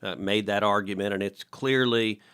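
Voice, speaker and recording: A man's voice: lowish voice, steady tone, normal speed, a bit bright, smooth. A man co-hosting a podcast, talking emphatically and repeating words as he gets started. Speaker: podcast co-host. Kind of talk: casual podcast conversation.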